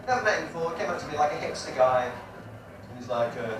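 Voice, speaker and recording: A man's voice: on the high side, animated, a little fast. A man in his forties doing a stand-up comedy set on stage, brash and crude with his punchlines. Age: 40s. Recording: echoey live room from far off, audience noise.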